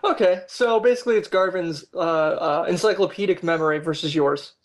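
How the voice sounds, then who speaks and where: A man with a notably high voice co-hosts a casual wrestling chat. He laughs easily and keeps steering the talk with questions. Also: brisk. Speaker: podcast co-host.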